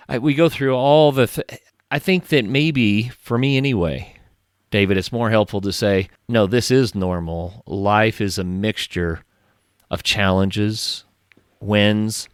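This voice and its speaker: Low-voiced reflective podcast host. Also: male voice, clear, resonant tone, no echo, studio quality. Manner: reflective, thinks aloud. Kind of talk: conversational interview.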